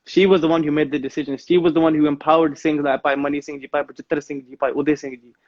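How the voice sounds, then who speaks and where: A man's voice: on the high side, little pitch movement, fast talker, darkish tone, no room sound, lo-fi sound. A man giving an earnest devotional talk as a guest on a live stream, mixing in Punjabi phrases.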